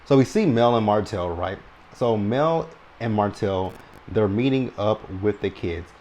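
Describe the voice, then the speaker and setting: Long-winded man recapping, lowish voice. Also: animated, a little slow, warm tone, a little hiss or hum. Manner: conversational, keeps asking "right?", long-winded. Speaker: reality TV recap host. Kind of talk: casual commentary recap.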